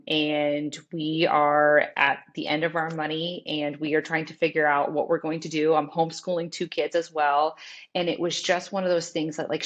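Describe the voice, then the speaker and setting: A woman's voice: low-pitched, highs cut off. A woman in her forties, a fitness trainer and interview guest, telling a personal story in a candid, rambling way and often quoting herself.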